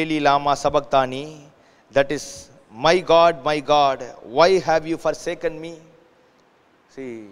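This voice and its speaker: A man's voice: a little high, fairly bright tone, long reverb tail. A male pastor preaching a sermon in an earnest way, with frequent fillers and loose grammar. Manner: earnest, many "you know" fillers, non-native grammar.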